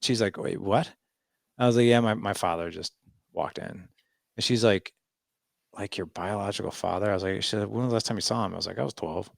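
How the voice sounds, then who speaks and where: A man in his forties, a podcast guest, telling a personal story in an animated way and acting out what others said. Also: fairly low pitch, quick pace, creaky, dry recording, clean studio sound. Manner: animated storyteller, lots of "I was like" quotes. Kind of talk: storytelling interview.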